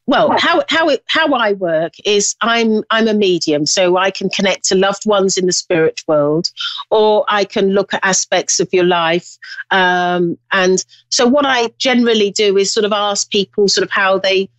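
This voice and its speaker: Woman, medium and show host, mid pitch, rambling and reflective, gentle with callers, dry close sound. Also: normal speed, no echo. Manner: rambling, reflective, many restarts. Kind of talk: call-in radio hosting.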